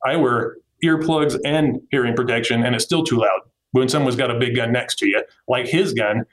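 Homem contando uma história com vivacidade. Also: male voice, mid-range voice, normal speed, poor audio. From Utah, USA. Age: middle-aged. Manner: vivid, acts out quotes from the scene. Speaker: police officer, guest. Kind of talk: candid interview storytelling.

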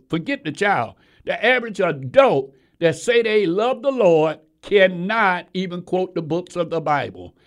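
A man preaching a sermon, talking straight to his listeners and swinging between rising, emphatic lines and low, quiet ones. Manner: rhythmic preaching with sudden rises and drops in pitch and volume; folksy, calls out to the congregation.

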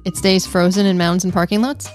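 A woman co-hosting a fan podcast in casual chat, animated and playfully defensive. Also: fairly low pitch, a little fast, faint music behind. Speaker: podcast co-host.

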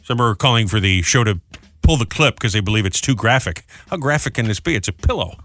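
A man's voice: lowish voice, lively intonation, a bit bright. A man co-hosting a morning radio show, running through odd news stories with jokes and laughter. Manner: joking, quick news rundown with laughs.

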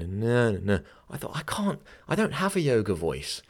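Low-voiced man chatting casually. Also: sing-song, normal speed, hardly any pauses. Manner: chatty, self-correcting, laughs easily. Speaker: podcast host and yoga teacher. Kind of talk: casual podcast chat.

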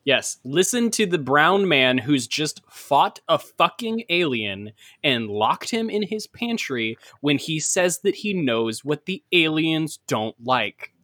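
A man's voice: fairly high pitch, big pitch swings, slow pace, few pauses, sharp tone, no echo. Man, podcast co-host, sarcastic, swears, argumentative, dry close sound. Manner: sarcastic, swearing, argues points. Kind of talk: casual chat.

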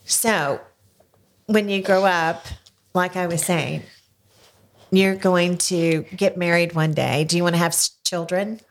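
A woman's voice: on the low side, fairly even intonation, slow, pauses often. Grandmotherly woman coaxing answers in interview. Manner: coaxing, prompting with leading questions. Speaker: podcast host. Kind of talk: casual family interview. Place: home studio.

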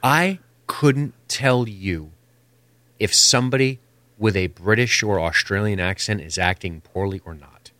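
A man with a fairly low voice in a casual podcast chat, rambling through his opinions and swearing freely. The sound is dry and close. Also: unhurried, bright, forceful tone, no room sound. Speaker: podcast co-host.

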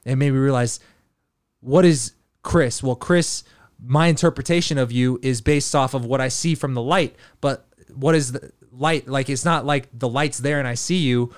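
A man's voice: medium pitch, moderate pace, no echo, clean studio sound. A man hosting a podcast, telling a rambling casual story full of fillers and swearing. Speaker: podcast host.

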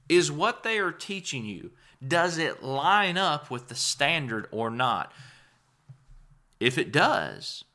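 A man's voice: mid-range voice, bright, forceful tone. A man preaching a sermon, earnest and emphatic, swelling in volume on key words and dropping into conversational asides. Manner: emphatic, rises and falls in volume for stress.

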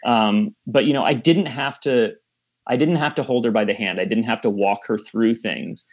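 A man in a mid-pitched voice, talking as a film director in a relaxed interview. He explains things thoughtfully and at length, often restarting his sentences. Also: normal speed. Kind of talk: casual interview chat.

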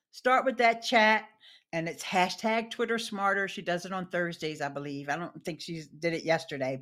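A woman's voice: lowish voice, a bit bright. Woman guest on a casual live show. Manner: friendly, greets viewers by name, laughs easily. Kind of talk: casual live-stream chat.

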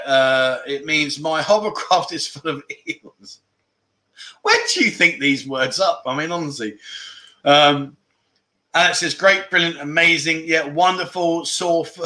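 A man hosts a casual livestream from a room at home where the aircon runs, reading viewer comments aloud, joking with the chat and laughing often. His voice is on the high side, pushed and bright.

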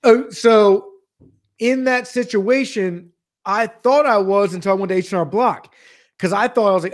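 A man's voice: high-pitched, normal speed. A young man telling a comedic story as a podcast co-host, ranting profanely. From Pennsylvania.

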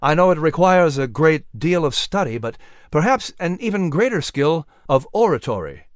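A man voicing a cheerful, talkative young fiddler in a storybook reading, hearty and animated. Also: a little high, moderate pace, no room sound, studio quality, voice pushed up.

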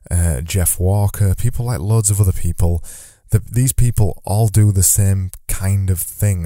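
A man with a low voice and a very dark, mellow tone hosts a solo podcast from his notes. He talks loosely and conversationally, circling back on his phrases as he thinks aloud. The sound is dry and close on the mic. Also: no echo. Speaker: podcast host. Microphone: studio microphone.

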